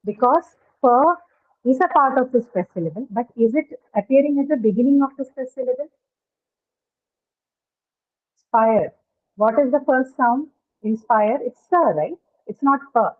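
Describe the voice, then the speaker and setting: Teacher on a tinny call. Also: female voice, a little high, lively intonation, a little slow, long pauses. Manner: explains step by step, asks students questions. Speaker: English phonetics teacher. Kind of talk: online class lecture. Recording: tinny phone-like call audio.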